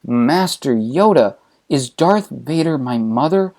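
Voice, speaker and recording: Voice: mid-range voice, expressive, takes it slowly, darkish tone. A comedy narrator voicing an earnest, whiny young male hero. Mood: indignant. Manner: whiny, indignant.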